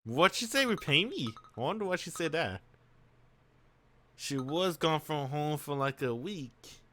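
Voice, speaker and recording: Lively, bright-voiced male game streamer. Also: fairly high pitch, measured pace, a little hiss or hum. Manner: reacting and musing aloud with slang. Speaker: streamer playing a visual novel. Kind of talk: casual let's-play commentary.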